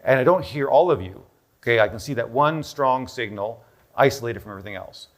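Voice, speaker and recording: Before a live audience in a busy room, a male doctor walks through a health protocol, lecturing, thinking aloud, and often asking "okay?". His voice is medium-pitched, expressive, and brisk.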